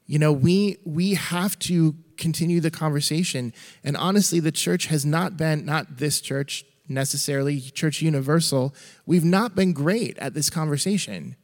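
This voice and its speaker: A man's voice: fairly high pitch, normal speed. A man in his thirties preaching a sermon, telling a family story in an earnest, storytelling manner. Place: large church. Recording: echoey church hall.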